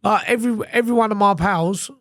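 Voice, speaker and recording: A man's voice: high-pitched, fast, fairly bright tone, no echo, studio quality. A man, a podcast guest telling his story in a blunt, sweary, casual way and acting out other people's lines. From England.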